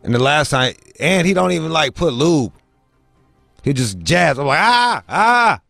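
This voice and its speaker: A man's voice: normal speed, gravelly, no room sound, soft background music. Foul-mouthed man telling wild stories. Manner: profane, animated, mimics people in high voices. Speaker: podcast host. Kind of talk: crude comedic storytelling.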